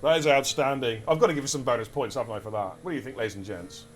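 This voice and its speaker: A man with an English accent giving lively, chatty live commentary on an esports race and talking to his chat as he goes. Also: medium pitch, rapid-fire, soft background music. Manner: energetic, chatty, addresses chat directly.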